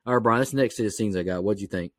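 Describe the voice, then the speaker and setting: A man with a lowish voice works through a plot recap on a podcast mic, scene by scene. His delivery is steady and matter-of-fact. The sound is close and dry. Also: very fast, dry recording. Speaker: podcast co-host.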